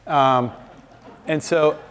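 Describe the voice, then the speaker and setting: A man's voice: fairly high pitch, fairly even intonation, very slow, clean tone. A man giving a faith-based talk to a live audience, telling stories conversationally and acting out quoted dialogue. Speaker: speaker. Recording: long reverb from a large hall.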